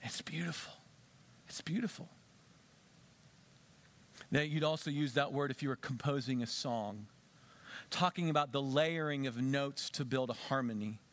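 A man preaching a sermon as a pastor in a church, conversational, dropping to soft, low tones for emphasis. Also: moderate pace. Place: church sanctuary.

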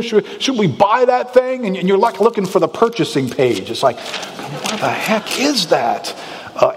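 A man delivering a sermon with a fairly high voice, sounding from a large hall with a long reverb trail. He talks to the congregation like a conversation, firing off rhetorical questions and slipping into anxious inner voices to make his point. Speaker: pastor.

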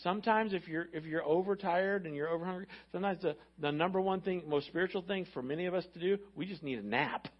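Energetic man preaching, high voice, slightly muffled recording. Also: fast talker, hardly any pauses. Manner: energetic, repetitive, acts out quotes. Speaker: pastor. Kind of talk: sermon.

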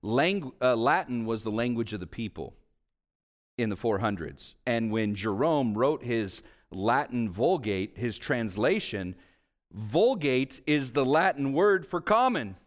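A male pastor delivers a sermon in a middle-pitched voice. His delivery swings widely, climbing high and loud to drive a point home, then sinking low and quiet. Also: unhurried. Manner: animated, wide swings in pitch and volume.

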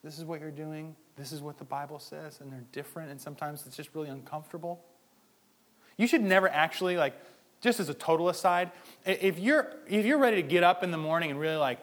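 A man preaching a sermon as pastor, talking conversationally and moving from quiet asides to loud pleading. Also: fairly high pitch, fast.

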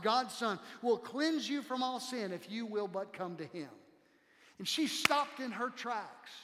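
A male pastor preaching a sermon to his congregation, impassioned, dropping to hushed tones for quoted lines. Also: very high-pitched. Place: church sanctuary. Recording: long hall reverb.

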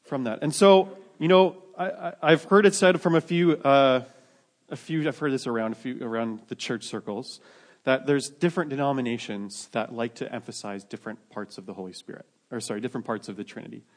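A man's voice: medium pitch, fairly quick. A man preaching a sermon to his church in a conversational way, often restarting his sentences and adding joking asides. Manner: conversational, many restarts, self-deprecating asides. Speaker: pastor.

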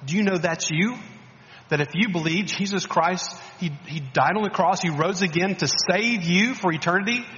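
A man preaching a sermon as a guest speaker, animated and coaxing, often restarting and repeating words. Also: sits high, normal speed, big-room sound, muffled recording.

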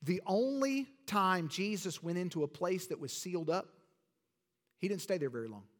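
A man preaching a sermon as pastor of his church, swinging between loud bursts and soft, quiet drops. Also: high voice, animated, normal speed. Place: church sanctuary. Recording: long reverb of a large hall.

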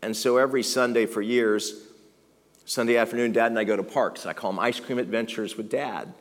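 A man's voice: medium pitch, steady tone, a little fast. A middle-aged man preaching a sermon as pastor, conversational, emphatic and self-deprecating. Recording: long reverb of a large hall.

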